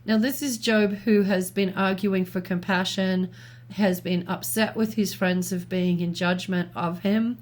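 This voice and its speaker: A woman co-hosting a talk show, reasoning aloud in a thoughtful, measured way with small restarts. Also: mid-range voice, fairly even intonation. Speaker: podcast co-host. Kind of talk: reflective conversational commentary.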